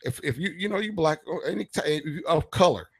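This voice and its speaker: A man's voice: fairly high pitch, animated, quick pace, husky, no room sound, studio quality. A man hosting a radio show, ranting in a heated, profane, emphatic way in casual talk. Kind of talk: casual political rant.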